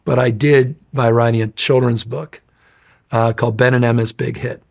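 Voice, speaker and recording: A middle-aged man talks in a gravelly, husky voice at an average pitch. He tells stories in a loose, profane, animated way and puts on loud voices for the people he quotes. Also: moderate pace. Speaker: interview guest. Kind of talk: casual storytelling chat.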